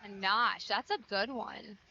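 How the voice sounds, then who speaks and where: A woman's voice: medium pitch, unhurried, creaky, pushed and bright. A woman giving color commentary on a gymnastics meet, enthusiastic and chatty, with a muffled broadcast sound. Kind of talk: sports commentary.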